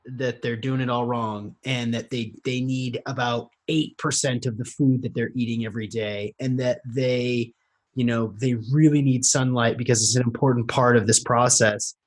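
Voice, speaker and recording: Halting male podcast host. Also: medium pitch, steady tone. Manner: halting, searching for words. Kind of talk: casual interview talk.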